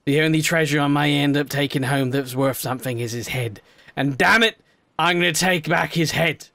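A man doing let's-play commentary, chatty and jokey, talking to in-game creatures and swinging between quiet worry and loud excitement. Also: fairly high pitch, moderate pace, gravelly, no echo.

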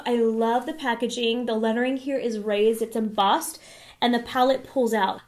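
A woman beauty vlogger chatting through a product review in a hoarse voice, enthusiastic and chatty. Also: on the high side. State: hoarse, losing her voice.

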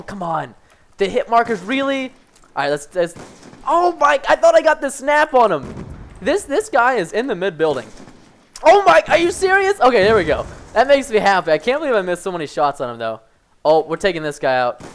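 A young man giving excitable live commentary over his own gameplay, swinging between frustration and excited yelps. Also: high voice. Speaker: gaming commentator.

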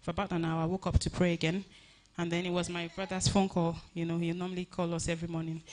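A woman giving a personal tribute at a funeral service, telling her story earnestly with many halting restarts. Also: fairly low pitch, flat delivery, a little mellow.

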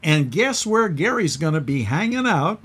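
Older man, TV talk host, husky, lively and playful; a bit high for a man, pitch jumping all over. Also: moderate pace. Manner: animated, jokey, big pitch swings when telling stories. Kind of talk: casual TV interview chat. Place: TV studio.

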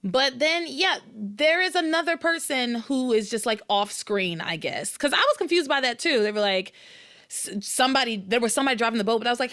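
A woman podcast host talking fast and loose, her pitch swinging widely as she gets worked up. Her voice sits a little high. She trips over restarts and sounds openly exasperated. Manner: animated, exasperated, rambling with restarts. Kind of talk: casual recap chat.

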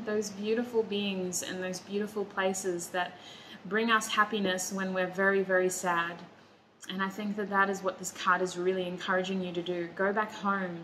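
Woman tarot reader, emotional, affirming, clear bright voice, faint room noise. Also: medium pitch, low-quality recording. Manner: warm, emotional and reassuring, near tears. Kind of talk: pick-a-card tarot reading.

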